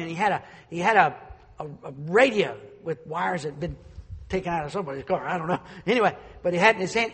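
Male pastor, fervent and slightly higher-pitched, surging then dropping soft, recorded in a reverberant church hall. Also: husky. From North Carolina, USA. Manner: swings from loud preaching to soft, with stumbling restarts. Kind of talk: fervent sermon.

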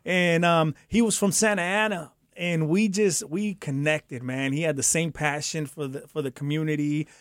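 Man, casual storytelling, animated, acts out voices, laughs often, dry recording. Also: on the high side, normal speed, few pauses, no room sound. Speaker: guest telling his testimony.

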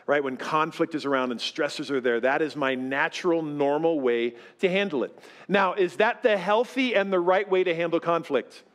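A fairly high, somewhat bright male voice at an ordinary pace belongs to a pastor in his fifties preaching to his church. He speaks loosely and pokes fun at himself, using plenty of fillers. It is recorded in a church sanctuary with the congregation present.

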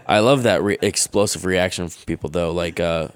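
A man's voice: low voice, normal speed, smooth. A young man, a comedian guest, telling loose stories in a casual interview with lots of fillers. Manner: loose storyteller, many fillers.

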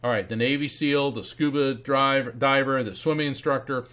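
A man in a podcast interview, telling a spirited story with a voice that leaps high and drops low as he acts out each person he quotes. His pitch sits in the middle for a man, and he laughs now and then as he speaks. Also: fairly even intonation, normal speed, fairly bright tone. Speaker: guest author and psychic medium.

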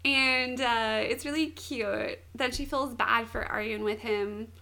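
Brief: young woman co-host, high voice with vocal fry, giggly storyteller in casual chat. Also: fairly even intonation, takes it slowly, sharp tone. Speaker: podcast co-host. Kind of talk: casual chat, retelling a manga.

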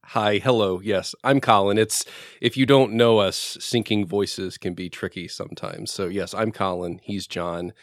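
A man's voice: lowish voice, steady tone, a little slow, hardly any pauses, dry recording, clean studio sound. A man speaking as a podcast guest in casual chat, articulate and earnest.

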